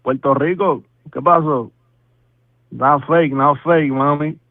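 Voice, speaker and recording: A man playing a loud prank caller with an exaggerated fake accent, mixing in Spanish. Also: on the high side, steady tone, takes it slowly, no echo. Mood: goofy. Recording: tinny phone line.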